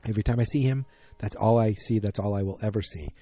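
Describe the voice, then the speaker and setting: Husky-voiced man rambling through a podcast recap. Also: on the low side, quick pace, mellow, no room sound, faint music behind. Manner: rambling, opinionated, many fillers and restarts. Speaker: podcast host.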